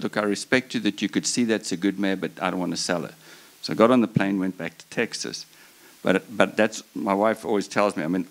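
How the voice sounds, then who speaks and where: A man speaking on a breeders' panel, telling a long personal story in an earnest, passionate way, often restarting his sentences. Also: deep voice. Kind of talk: storytelling at a live talk.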